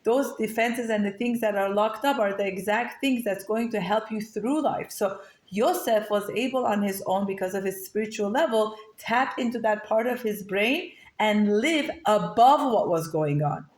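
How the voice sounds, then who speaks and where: A woman's voice: medium pitch, roomy sound. A woman giving a casual, chatty Torah lesson, telling personal stories with lots of fillers and restarts. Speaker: Torah class teacher.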